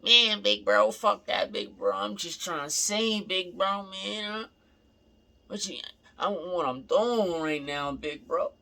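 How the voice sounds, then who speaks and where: A man imitating a young male rapper who whines and complains in a high, pleading voice. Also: a little slow, vocal fry, pushed and bright, full character voice. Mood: whining.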